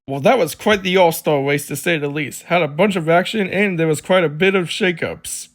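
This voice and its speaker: A man walks fans through a race weekend in a casual, matter-of-fact tone. His pitch sits a touch high. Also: normal speed, hardly any pauses. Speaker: host of fan recap. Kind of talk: casual race recap narration.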